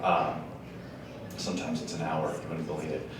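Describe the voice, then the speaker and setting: A man's voice: extremely low pitch, monotone, moderate pace, noisy background. A man from Wisconsin giving a casual, joking speech to a live conference audience, chatty and full of slangy asides. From Wisconsin, USA. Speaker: conference speaker. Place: large conference hall. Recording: echoey hall, mic heard from a distance.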